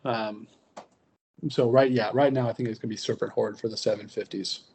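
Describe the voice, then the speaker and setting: A man hosting a relaxed podcast chat about tabletop wargaming, rambling with restarts and fillers. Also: fairly low pitch, fairly quick, slight background noise. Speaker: podcast host.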